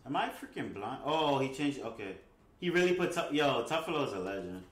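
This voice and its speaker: A man's voice: mid-range voice, very animated, normal speed, echoey room. A young man hosting a casual gaming livestream, talking laid-back with his friends and often repeating himself. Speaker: livestream host. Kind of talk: casual gaming stream chat.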